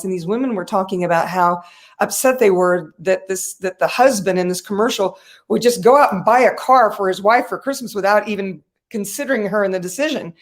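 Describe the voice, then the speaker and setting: A woman speaking as a guest on a talk show, telling a story at a middle pitch. She is animated, laughs often and acts out the voices of people in her story. Her storytelling is conversational. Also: brisk.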